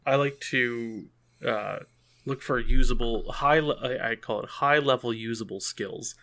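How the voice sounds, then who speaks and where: A man's voice: medium pitch, unhurried, vocal fry, fairly bright tone. Emphatic man chatting on a podcast. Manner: emphatic, self-ironic, stresses key words. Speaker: podcast co-host. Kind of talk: casual podcast chat.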